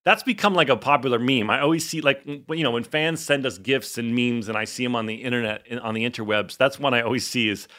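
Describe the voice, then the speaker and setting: Man, 40s, podcast co-host, bright voice, rambling anecdotes full of fillers. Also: medium pitch, fast talker, few pauses. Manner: rambling, animated storyteller with filler words. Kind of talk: casual rewatch podcast chat.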